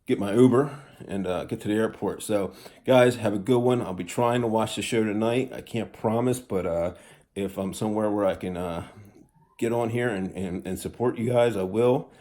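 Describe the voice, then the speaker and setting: A man's voice: on the low side, moderate pace, warm tone. A man giving a casual recorded farewell message to a show, rambling with many fillers and restarts. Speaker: guest sending a recorded message.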